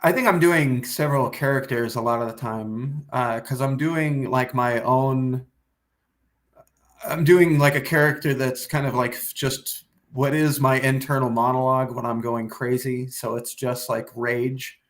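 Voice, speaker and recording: A comedian guest talks loosely and rambles, often starting over and dropping the odd curse. His voice sits at an ordinary middle pitch for a man. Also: steady tone, unhurried, a bit bright. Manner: rambling, with many restarts and swearing. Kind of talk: casual podcast chat.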